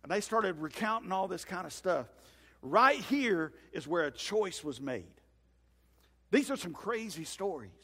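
A man preaching a sermon as a pastor, folksy and animated. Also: high-pitched, a little slow, slightly rough. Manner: folksy, animated, acts out scenes in comic voices. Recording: hall reverb.

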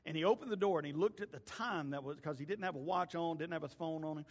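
A man, a pastor giving a folksy, storytelling sermon that swings between loud calls and hushed asides. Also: on the high side, quick pace. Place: church sanctuary. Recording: long hall reverb.

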